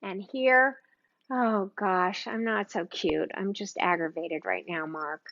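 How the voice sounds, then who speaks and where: A woman's voice: medium pitch, fairly even intonation, slow, a bit bright, lo-fi sound. A woman hosting a live cooking stream from her home kitchen, chatting with viewers by name in an exclamatory way. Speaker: cooking show host.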